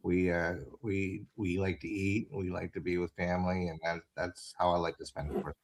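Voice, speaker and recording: Deep-voiced man, halting and hesitant. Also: level tone. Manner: halting, hesitant, with many fillers. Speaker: co-host. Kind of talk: casual talk show chat.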